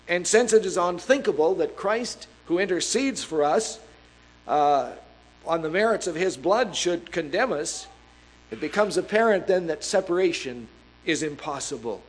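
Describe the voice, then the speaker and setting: A man preaching a sermon in an earnest, emphatic way, reading scripture aloud and slowing down to stress key words. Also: fairly high pitch, low-quality recording.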